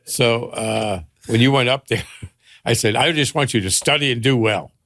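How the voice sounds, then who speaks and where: A man's voice: mid-range voice, normal speed, a bit bright, dry recording. An older man, a father on a podcast, telling family stories casually and laughing through them.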